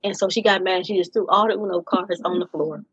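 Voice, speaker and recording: A middle-aged woman speaking as a podcast guest, telling her own story in an earnest, deliberate way and leaning on key phrases. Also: fairly low pitch, steady tone, husky, no room sound, muffled recording. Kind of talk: candid personal storytelling in conversation.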